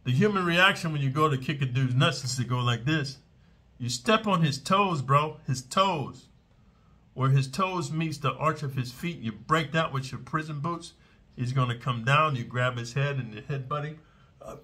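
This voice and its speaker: A husky man with a bright, cutting edge talks to camera in raw, profane street slang. He is blunt and swaggering, drops "man" and "dude" constantly, and punctuates his points with shouted strike sounds. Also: medium pitch, moderate pace. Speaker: ex-convict giving prison survival advice. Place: in Manila.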